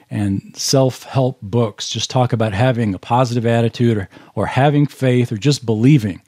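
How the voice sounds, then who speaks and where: A pastor gives a sermon in a warm, mellow man's voice at an ordinary pitch. He talks in a folksy, conversational way, explaining patiently with homely examples. The sound is close and dry, with no room around it. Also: no echo. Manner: explains patiently with restarts and emphasis.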